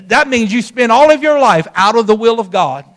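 A man's voice: very high voice, expressive, normal speed, a bit bright. A middle-aged man, preaching a sermon as a pastor and telling a story in a folksy way straight to his congregation.

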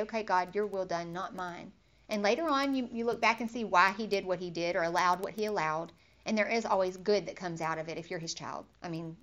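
A woman giving an informal Bible lesson, chatty and personal, acting out little scenes and laughing as she goes. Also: mid-range voice. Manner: chatty, acts out quoted inner thoughts, laughs easily. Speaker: Bible study teacher.

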